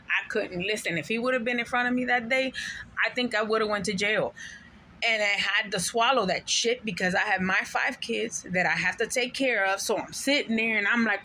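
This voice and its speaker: A woman's voice: on the high side, bright, forceful tone, a little hiss or hum. A woman telling a personal story to camera in a profane, emphatic, venting way, now and then dropping Spanish slang. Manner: drops Spanish slang words. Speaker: mother of five.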